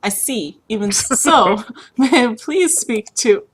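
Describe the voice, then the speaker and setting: A woman's voice: a little high, lively intonation, slow pace, breathy edge, heavily acted. A woman voicing a reserved young man, a former student, who speaks politely but hesitantly and evasively.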